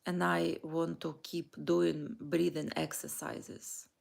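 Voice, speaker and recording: Woman vlogging, very slow delivery, gravelly creaky voice, lowish pitch. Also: little pitch movement. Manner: slow, halting, heartfelt, with pauses and restarts. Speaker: vlogger and life coach. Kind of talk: personal morning reflection vlog.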